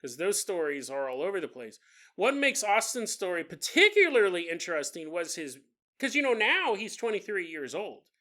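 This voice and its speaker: Bright-voiced man telling a ghost story. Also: high-pitched, normal speed. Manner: animated, jokey, mimics people in quotes. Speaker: podcast host. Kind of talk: casual storytelling podcast.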